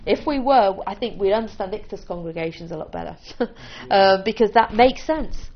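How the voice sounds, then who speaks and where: A woman with a medium-pitched, expressive voice speaks at a moderate pace with few pauses. As a church leader she gives an informal teaching talk to a small group, conversational, with restarts and light laughs. The sound is lo-fi with slight background noise.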